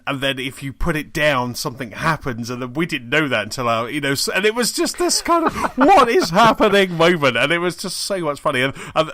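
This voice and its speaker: A man's voice: mid-range voice, sharp tone, no echo. A man co-hosting a gaming podcast, chatting casually and enthusiastically with frequent restarts. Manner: enthusiastic, rambling with many restarts. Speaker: podcast co-host. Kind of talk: casual chat.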